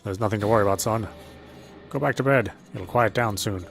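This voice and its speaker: A man as a gravelly, protective father. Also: on the low side, a little fast, music in the background. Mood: wary. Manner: plain and reassuring. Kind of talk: fan voice dub of a visual novel.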